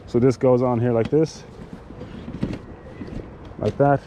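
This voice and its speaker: A man giving a casual product demonstration of cycling gear, talking in a halting way with many fillers and restarts. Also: medium pitch, fairly even intonation, dark tone, a little hiss or hum, poor audio.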